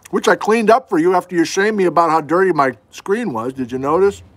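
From indoors at home, a middle-aged man hosts a laid-back geology livestream, tackling viewer questions with homespun humor at his own expense. He speaks a little fast in a high-pitched voice, hardly pausing, with a little hiss or hum behind him.

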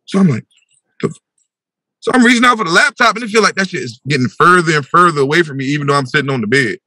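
A young man telling a wild personal story on a podcast, animated and full of slang, acting out his own voice with big swings in pitch. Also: rapid-fire, no room sound. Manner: slangy, repeats "bro" and "yo".

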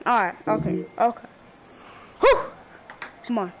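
A woman giving casual gameplay commentary, excitable and trash-talking with frequent exclamations. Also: medium pitch, measured pace, music in the background. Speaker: gamer.

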